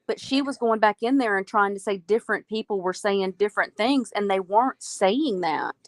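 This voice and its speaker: A woman's voice: mid-range voice, moderate pace, no room sound, rough recording. A woman, frustrated and emphatic in casual chat, stretching out her stressed words. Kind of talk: casual chat about online drama.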